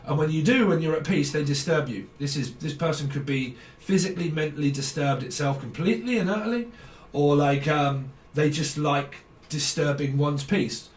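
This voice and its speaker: A man's voice: a little high, moderate pace. A man giving a casual tarot reading, swearing, ranting and laughing often. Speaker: tarot reader. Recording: roomy, distant from mic, faint background noise.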